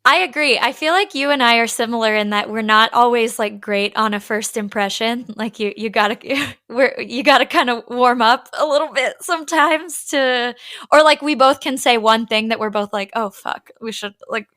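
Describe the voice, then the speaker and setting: A woman's voice: a little high, normal speed, pushed and bright, dry recording, studio quality. A woman co-hosting a casual book podcast, chatty and full of "like" as she quotes characters. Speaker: podcast co-host.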